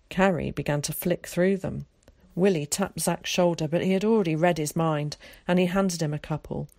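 A woman narrating a children's storybook aloud in a calm, even manner. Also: fairly low pitch, moderate pace, creaky, dry recording, clean studio sound. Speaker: audiobook narrator.

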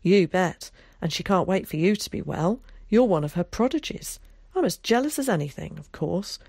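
A woman voicing an excitable, theatrical boy who chatters eagerly. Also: lowish voice, moderate pace, vocal fry, breathy edge, dry recording, studio quality, heavily acted. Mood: chatty.

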